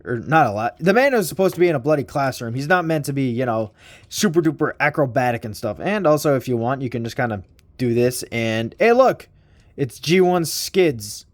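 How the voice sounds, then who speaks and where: A man's voice: mid-range voice, animated, fairly quick, dry recording. A young man casually reviewing a toy in a rambling, slangy vlog style with mild swearing.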